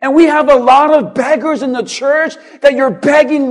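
A man pastor preaching a sermon in a church, building up with repeated lines and at times shouting. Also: very high voice, steady tone, normal speed, hardly any pauses.

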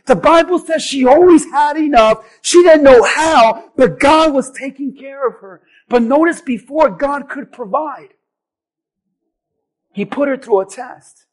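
A man preaching a sermon to his church, impassioned, often shouting and slowing down for emphasis. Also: extremely high pitch. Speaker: pastor.

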